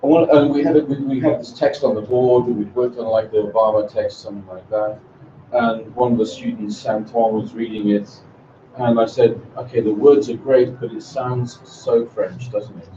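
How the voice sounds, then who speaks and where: A man's voice: medium pitch, fairly even intonation, moderate pace, mellow. A man presenting a seminar to English teachers, telling classroom stories in a chatty way with many restarts. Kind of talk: conference seminar talk. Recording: roomy, distant, dull lo-fi with faint noise.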